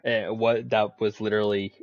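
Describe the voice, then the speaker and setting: A man's voice: on the low side, flat delivery, moderate pace, no echo. A man from Pennsylvania, a podcast guest telling a story casually, rambling, laughing often and swearing. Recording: slightly dull, dry sound.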